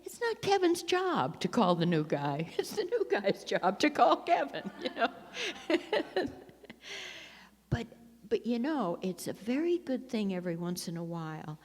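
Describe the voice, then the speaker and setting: A woman's voice: medium pitch, very animated, unhurried. A woman giving a personal talk at a recovery meeting, telling rambling stories with frequent laughs and restarts. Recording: long hall reverb.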